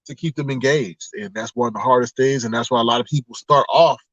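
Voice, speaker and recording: A man chatting casually on a livestream with his viewers, animated and laughing often as he drifts into preachy asides. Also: medium pitch, fast talker, dry recording, muffled recording. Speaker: online streamer.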